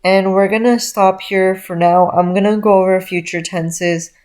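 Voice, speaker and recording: A woman teaching a casual grammar lesson, explaining step by step and slowing down to spell out example phrases. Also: medium pitch, steady tone, darkish tone. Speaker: language teacher.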